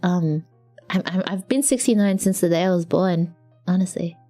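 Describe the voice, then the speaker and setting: A woman's voice: lowish voice, warm tone, faint music behind. Rambling, laughing Australian woman streamer. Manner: laughing, rambling, quick restarts. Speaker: vtuber streamer. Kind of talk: casual chat with live chat.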